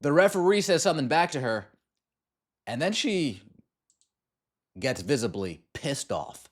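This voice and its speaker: A man's voice: on the high side, big pitch swings, unhurried. A man hosting a sports podcast, ranting in exasperated commentary over game clips and firing off repeated rhetorical questions. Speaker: podcast host.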